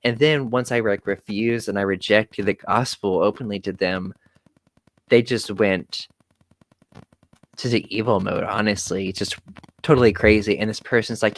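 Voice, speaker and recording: A young man telling stories in a casual chat, animated, quoting people, swearing and laughing often. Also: fairly low pitch, normal speed, low-quality recording. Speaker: podcast guest.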